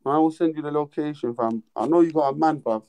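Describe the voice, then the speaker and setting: A man's voice: a little high, fast, dark tone, clear, resonant tone. A young man hosting a casual livestream, teasing callers bluntly in street slang. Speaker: livestream host.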